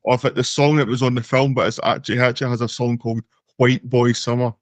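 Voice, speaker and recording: A man's voice: mid-range voice, level tone, fast, dry recording. A young Scottish man co-hosting a casual podcast chat, easygoing and a bit hesitant as he shares trivia over a video call. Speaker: podcast co-host.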